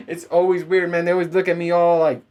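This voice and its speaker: A man's voice: sits high, a little mellow. Profane rambling man ranting on his podcast. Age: adult parent. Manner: profane, rambling, frequent laughs. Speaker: podcast host. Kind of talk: casual solo podcast rant.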